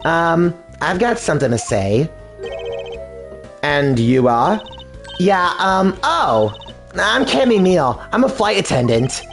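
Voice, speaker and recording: A man puts on a lazy young flight attendant woman who sounds half asleep. She drawls her words, pads them with filler, and lets her pitch wander loosely. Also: big pitch swings, slow, gravelly, a bit bright, soft background music, full character voice.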